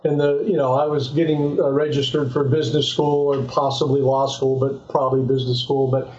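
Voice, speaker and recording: An older man from Southern California, a former pro football player, telling lively anecdotes as an interview guest, often restarting his sentences. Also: mid-range voice, brisk. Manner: animated anecdotes with frequent restarts. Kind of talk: relaxed storytelling in an interview. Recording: echoey, slightly dull sound.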